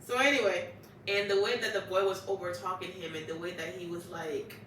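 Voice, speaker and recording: A woman casually recapping anime episodes in a chatty, animated way, acting out the characters and exclaiming "child.". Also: on the low side, fairly quick, slight background noise. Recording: echoey room, distant mic.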